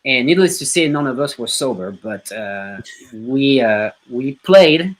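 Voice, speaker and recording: A man's voice: medium pitch, a little slow, rough recording. French-accented man telling road stories. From France. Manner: animated storyteller acting out quoted voices. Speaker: guest musician. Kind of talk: storytelling in a podcast interview.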